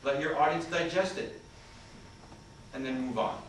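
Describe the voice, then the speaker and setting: This communication trainer speaks in an unhurried way, his voice a little high. He's in a large conference hall giving an interactive seminar and posing questions to attendees. Echo fills the recording, the mic is distant, and there's faint noise.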